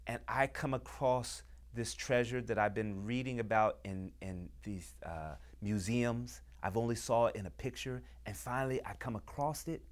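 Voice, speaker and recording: A man hosting a show, talking with deep emotion and passion, acting out quoted voices as he makes his points. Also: normal speed, hardly any pauses. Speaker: host. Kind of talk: impassioned talk to camera.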